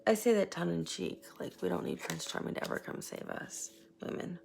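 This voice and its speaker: A woman with a low, heavily gravelly voice gives a rambling, chatty tarot reading. She drifts into soft whispers now and then. A faint hiss sits behind her voice. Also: wildly swooping pitch, fairly quick. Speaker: tarot reader. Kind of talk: casual tarot reading monologue.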